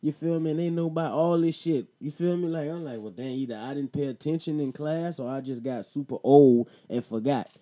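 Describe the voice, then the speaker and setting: A man's voice: fairly high pitch, brisk, few pauses, warm tone. A man in his thirties hosting a casual show, telling a profane, slangy story and then talking about voting. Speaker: podcast host.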